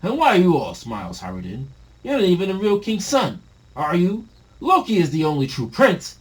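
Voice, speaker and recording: A cruel young giant prince who mocks everyone beneath him, as a man puts him on while reading a manga aloud. The voice sits a bit above his normal speaking pitch and rises and falls with scorn. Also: huge pitch swings, moderate pace, low-quality recording. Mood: sneering. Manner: sneering, mocking.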